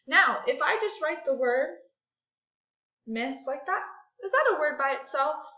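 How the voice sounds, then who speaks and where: A woman's voice: high voice, expressive, a bit bright. Sing-song woman teaching phonics. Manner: slow, sing-song teacher voice, clapping out syllables. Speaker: second grade teacher. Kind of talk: classroom grammar and phonics lesson. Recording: echoey room, dull lo-fi sound.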